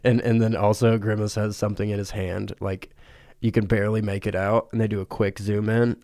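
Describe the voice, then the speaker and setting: A man's voice: lowish voice, flat delivery, fairly quick, mellow, dry recording, clean studio sound. A man co-hosting a podcast, improvising a crude comic story and laughing through his own lines. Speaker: podcast co-host.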